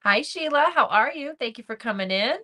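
A woman's voice: high-pitched, expressive, fairly quick, sharp tone. A woman hosting a crochet livestream, chatting casually and greeting viewers by name as she reads the chat. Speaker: crochet channel host.

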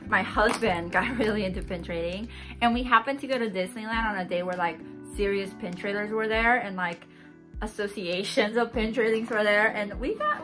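A young woman with an excited, giggly way of talking, chatting casually as she unboxes a mystery box for her channel. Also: medium pitch. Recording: background music.

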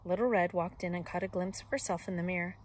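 A woman teacher reading a picture book aloud expressively, with soft whispered asides. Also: lowish voice, fairly even intonation, quick pace. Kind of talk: storybook read-aloud.

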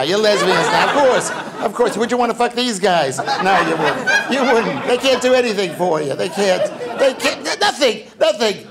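A middle-aged man with a thick New York accent works a club stage, rambling and deadpan, repeating himself. His voice sits high and swings all over the place. A loud crowd roars with laughter behind him. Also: very noisy. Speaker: stand-up comedian. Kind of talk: live stand-up routine. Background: audience laughter.

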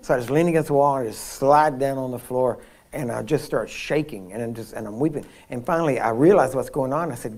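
At a healing seminar, a man with a mid-range voice preaches at a quick pace. His sermon is full of animated personal storytelling, regular laughter, and frequent restarts.

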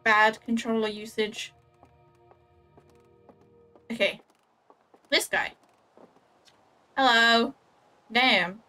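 A young woman streams a game and keeps up a loose, self-mocking patter with her viewers. Her voice sits a little high and she takes her time. Soft game music plays underneath. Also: extremely slow, pauses often. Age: young adult. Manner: chatty, self-mocking, talks to herself and chat while playing. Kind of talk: casual gameplay commentary.

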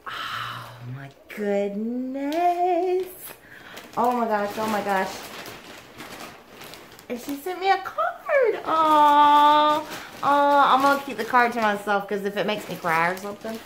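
A woman, gushing and giggling through an excited yarn unboxing vlog. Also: on the high side, normal speed, a little hiss or hum. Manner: gushing, giggly, lots of "like" and "oh my goodness". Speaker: yarn vlogger.

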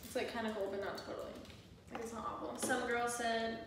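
A woman's voice: a little high, level tone, a little fast. A woman chatting casually as a guest in a friends' eating video, with "like" as filler. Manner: casual, says "like" often. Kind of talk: casual chat while eating. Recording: echoey room, distant mic, some noise.

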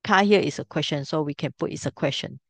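A woman's voice: deep voice, quick pace, gravelly, husky, no echo. A middle-aged woman teaching a language class, patiently explaining step by step and checking if students can follow.

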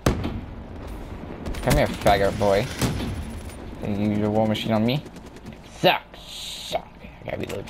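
A man giving live gameplay commentary, excitable and trash-talking, breaking into sudden yelps. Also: lowish voice, slow pace, long pauses, background noise. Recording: game gunfire behind voice.

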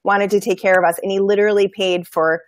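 A woman's voice: medium pitch, flat delivery, quick pace. A woman in a casual conversation, talking about manifesting in an enthusiastic, earnest way. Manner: enthusiastic, earnest spiritual talk.

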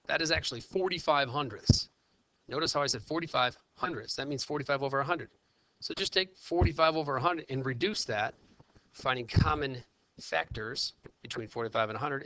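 Male math teacher, casual lesson, thinks out loud, gravelly edge, bright tone. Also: medium pitch, no room sound. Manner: talks to himself while calculating, chatty and informal. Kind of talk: casual classroom lesson, working problems aloud.

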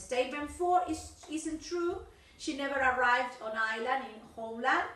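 Bright-voiced teacher in an echoey room. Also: female voice, fairly high pitch. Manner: talks through exercises with frequent "yes, okay?" checks. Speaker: English teacher. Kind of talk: recorded video lesson. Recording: echoey room, far from mic.

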